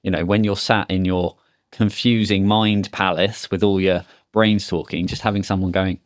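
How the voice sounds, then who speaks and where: A man's voice: low-pitched, little pitch movement, normal speed, no echo, clean studio sound. A man hosting a podcast, talking in a casual, empathetic way and often affirming his guest. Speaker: podcast host. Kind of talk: casual interview chat.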